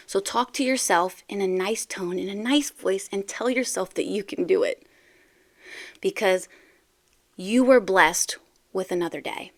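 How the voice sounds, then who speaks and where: A woman hosting a podcast, talking in an upbeat, encouraging way and telling a joke as an animated storyteller. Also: mid-range voice, unhurried. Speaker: podcast host.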